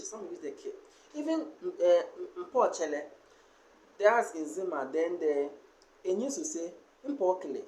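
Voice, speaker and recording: A man teaching a language lesson, slowly sounding out and repeating each syllable and word. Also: high voice, a little hiss or hum. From Ghana. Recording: echoey room.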